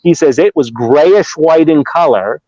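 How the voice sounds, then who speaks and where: A man's voice: on the high side, unhurried, mellow, no echo. A middle-aged man from Ohio, telling a story in a casual, rambling way, with restarts and acted-out quotes. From Ohio, USA. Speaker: Bigfoot researcher guest. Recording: dull lo-fi dry remote audio.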